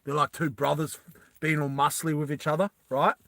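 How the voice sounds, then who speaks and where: A man telling a story on the fly, rambling and animated, with lots of asides. His voice is bright and fairly high, recorded close and dry. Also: normal speed, gravelly, no room sound. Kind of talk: improvised casual storytelling.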